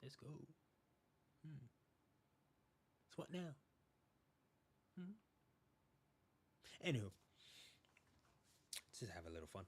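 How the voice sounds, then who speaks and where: A young man hosting a podcast in a casual monologue, animated and rambling, acting out quotes as he goes. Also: mid-range voice, slow, long pauses, husky. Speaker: podcast host.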